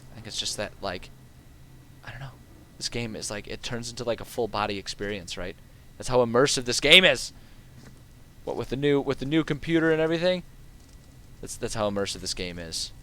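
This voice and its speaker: A man's voice: medium pitch, expressive, fairly quick, pauses often, sharp tone. A man streaming a game live, talking casually and rambling with lots of fillers. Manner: rambling and chatty, with many fillers.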